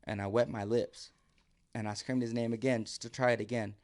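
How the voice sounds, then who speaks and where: A man of average pitch recounts a dramatic fall in relaxed podcast chat. He slips into the voices of his own past self and drops low and quiet when the story gets tense. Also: brisk. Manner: vivid, acts out his own quotes, drops to near whisper. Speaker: podcast guest. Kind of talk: casual storytelling.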